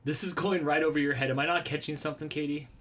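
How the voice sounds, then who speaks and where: In a small room at home with a red wall and lava lamps, a man hosts a casual live stream, rambling playfully, responding to viewer comments, and making jokes at his own expense. His voice is a little high, steady, and a bit bright, and he talks fast.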